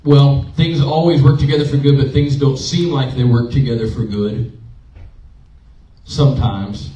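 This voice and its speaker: Male pastor preaching in church, mellow voice, far off mic, echoey dull sound. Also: mid-range voice, steady tone, unhurried. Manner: conversational, emotional storytelling with audience questions. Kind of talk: sermon. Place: church sanctuary. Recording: roomy, distant, dull church recording.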